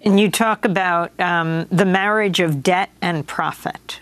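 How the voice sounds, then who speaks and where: Gravelly low-voiced woman interviewer. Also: unhurried, fairly bright tone, dry recording. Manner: brief, pointed questions. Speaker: interviewer host. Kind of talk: interview questions.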